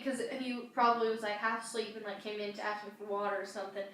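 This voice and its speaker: A woman's voice: a little high, flat delivery, fast talker, fairly bright tone. A young woman casually telling a story, rambling with many fillers and restarts. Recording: very echoey room, far from mic, faint noise.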